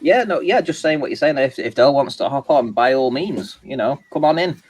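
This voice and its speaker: A man's voice: mid-range voice, animated, a little mellow, slightly rough, rough recording. Rambling man in casual chat. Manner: rambling, halting, many restarts and fillers. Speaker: co-host of a live chat stream.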